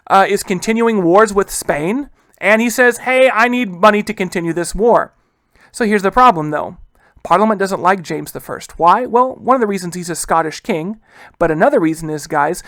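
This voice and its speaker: A man's voice: sits high, fairly bright tone, no room sound. A man teaching a history lesson in a casual, chatty way, often saying "guys" and asking rhetorical questions. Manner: acts out historical figures in quick quoted asides. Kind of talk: casual classroom lecture.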